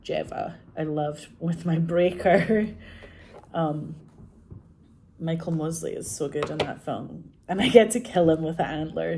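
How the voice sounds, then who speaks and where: Mellow low-voiced woman, chatty. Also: creaky, a little hiss or hum. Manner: animated, chatty, laughs often, many fillers like "like" and "um". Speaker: actor discussing her film. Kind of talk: casual interview talk.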